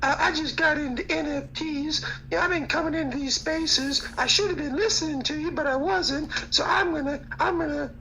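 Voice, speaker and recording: A man's voice: very high-pitched, moderate pace, hardly any pauses, sharp tone, a little hiss or hum, voice pushed up, full character voice, low-quality recording. A man putting on the voice of a clueless young woman newcomer who rambles and whines about herself. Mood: mocking.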